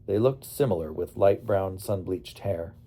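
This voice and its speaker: A man tells his memoir in a plain, storytelling delivery. His voice sits low and sounds mellow and soft-edged. The telling stays steady and unhurried in tone. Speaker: narrator. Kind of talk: memoir narration.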